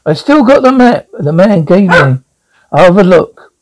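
A man's voice: high voice, very animated, moderate pace, noisy background. An actor playing a flustered, bewildered married man in a radio drama. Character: anxious, bewildered middle-aged married man. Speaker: man troubled by strange dreams.

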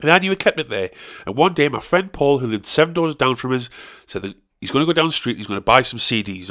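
A man's voice: medium pitch, expressive, fast talker, a bit bright. A man, ranting profanely and rambling as a podcast host. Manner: rambling, profane ranting with sudden outraged peaks. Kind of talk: casual chat.

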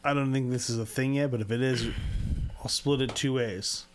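A man's voice: mid-range voice, fairly even intonation, moderate pace, a little hiss or hum. A man co-hosting a podcast, telling a crude story in a rambling, filler-heavy way. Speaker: podcast co-host. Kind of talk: casual storytelling chat.

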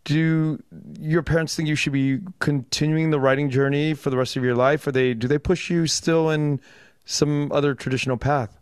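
A man's voice: a little high, fairly even intonation, normal speed, smooth, no echo, clean studio sound. A man hosting an interview over a video call, asking curious questions in a conversational way and often repeating words as he starts. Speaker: podcast host.

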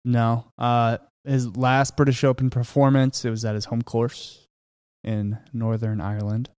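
A man hosting a casual golf betting podcast, talking in a relaxed, matter-of-fact way with lots of fillers. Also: medium pitch, a little slow, smooth, no echo, studio quality. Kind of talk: casual sports betting chat.

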